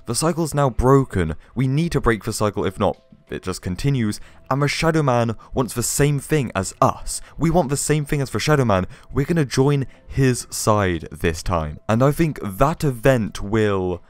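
A young man hosting a casual gaming theory video, excitable and rambling, his voice worn from being ill. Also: medium pitch, moderate pace, hardly any pauses, no room sound.

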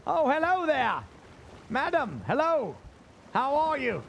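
A man streaming a pirate game as ship captain, bossing and cheering on his crew in excitable, loud banter. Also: very high-pitched, slow, vocal fry, a little hiss or hum. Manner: bossy, excitable, yells orders at crew. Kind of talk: excited casual gaming banter. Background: game music.

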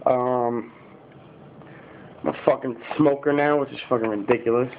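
A man's voice: medium pitch, steady tone, moderate pace, noisy background. Teen boy, fifteen, casual rambling vlog talk, lots of swearing and fillers, tinny lo-fi audio. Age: teenager, fifteen. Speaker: YouTuber. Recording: tinny phone-like sound.

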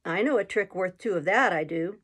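A woman's voice: fairly low pitch, lively intonation, brisk, a bit bright, breathy edge. A woman voicing a boastful, half-witted young male cabin boy with a bragging swagger.

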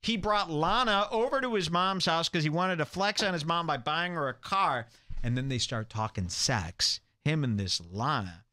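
A man's voice: on the high side, moderate pace, bright, forceful tone, no echo. A man hosting a comedic talk show, ranting in a crude, mocking, gossipy manner. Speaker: radio show host.

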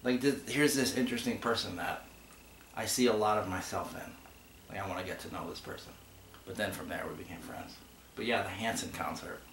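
A man with a lowish, creaky, fairly bright voice talks briskly as co-host of a casual online show, answering viewer questions with chatty, rambling stories and frequent restarts. The room is echoey, with a faint hiss.

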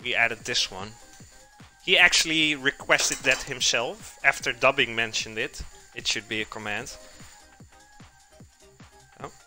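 A man's voice: mid-range voice, a little slow, long pauses, bright, forceful tone, soft background music. A man hosting a live cooking stream, chatting casually with viewers and answering chat while he cooks in a home kitchen.

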